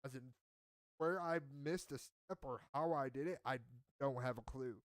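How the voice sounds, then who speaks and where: A man's voice: medium pitch, moderate pace, no room sound. Man telling a rambling story, dry sound. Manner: rambling storyteller, acts out quotes. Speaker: podcast host. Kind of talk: casual chat.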